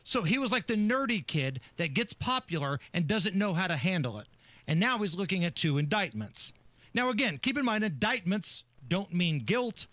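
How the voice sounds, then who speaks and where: A sarcastic male talk radio host with a fairly high, bright and forceful voice. He laughs often and sounds close and dry in a studio booth. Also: very animated, normal speed, dry recording. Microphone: studio microphone.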